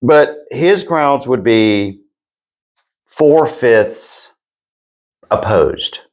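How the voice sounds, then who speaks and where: A man co-hosting a podcast in casual chat, animated and chatty, often acting out what people say. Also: medium pitch, extremely slow. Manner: animated, chatty, acts out quoted remarks. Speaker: podcast co-host.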